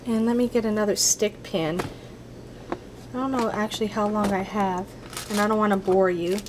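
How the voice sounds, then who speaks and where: A woman's voice: medium pitch, fairly even intonation, moderate pace, noisy background. A woman giving a casual crafting tutorial, chatty and a little apologetic, talking to herself as she works at her craft table.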